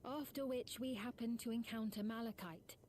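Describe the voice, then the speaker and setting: A woman's voice: a little high, moderate pace, a little mellow, no echo, natural voice. An actress playing an earnest young woman in voiced game dialogue. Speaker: game character.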